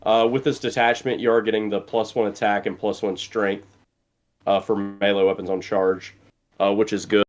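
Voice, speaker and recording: Laid-back low-voiced man, Southern US accent. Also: little pitch movement, normal speed. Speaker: podcast co-host. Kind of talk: casual chat.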